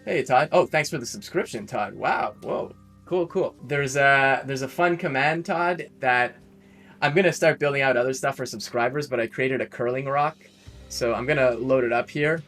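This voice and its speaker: Man, Canadian accent, casual live-coding narration, thinking aloud, mid-pitched voice. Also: moderate pace, a bit bright, faint music behind. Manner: thinks aloud, corrects himself as he types.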